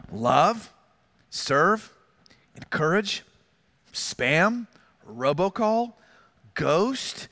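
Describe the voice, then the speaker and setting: A man's voice: high-pitched, sharp tone. A middle-aged man preaching a sermon as pastor, telling stories with acted quotes and self-mocking humor.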